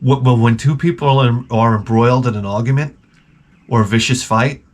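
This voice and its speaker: Medium-pitched and steady, at a moderate pace, a channel host delivers a comedic storytelling rant. It rambles, it's profane, and he acts out quotes from the people involved.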